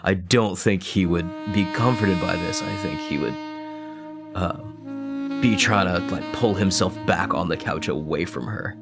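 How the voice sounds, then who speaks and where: A man with a very deep voice plays a tabletop horror game, talking in a halting way with lots of fillers. Music plays clearly behind him. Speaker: player. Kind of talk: tabletop role-play.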